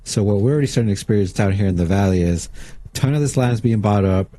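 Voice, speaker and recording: A man's voice: lowish voice, fast talker, no echo. A man co-hosting a podcast, chatting casually and telling profane, joking stories. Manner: profane, joking, animated retelling. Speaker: podcast co-host. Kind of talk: casual chat.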